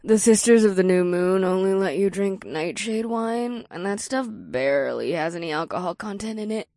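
A woman's voice: medium pitch, lively intonation, moderate pace, dark tone, no room sound, studio quality, close to an everyday voice. A woman voicing a tipsy, cheerful young witch who slurs her words. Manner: slurred, hiccupy speech. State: drunk.

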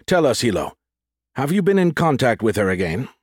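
A man's voice: mid-range voice, sing-song, a little fast, darkish tone, breathy edge, dry recording, studio quality, voice pushed up. A man doing a formal, suspicious male official. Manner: formal, clipped.

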